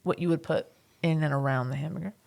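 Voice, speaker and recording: Woman, podcast co-host, deadpan one-liners, lowish voice. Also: fast, vocal fry. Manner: dry, deadpan quips. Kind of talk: casual podcast chat.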